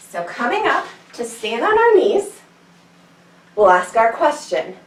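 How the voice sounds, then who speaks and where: A woman's voice: high voice, a little slow, roomy sound, recorded from a distance, poor audio. Playful woman leading a kids' yoga story. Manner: playful, sing-song, animated cues. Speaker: kids yoga teacher. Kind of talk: storytelling yoga class for children.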